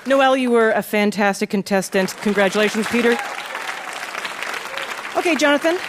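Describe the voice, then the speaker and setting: A woman hosting a live radio quiz show, bantering and teasing with a quick joke. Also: medium pitch, crowd noise. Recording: live audience, noisy hall. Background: audience.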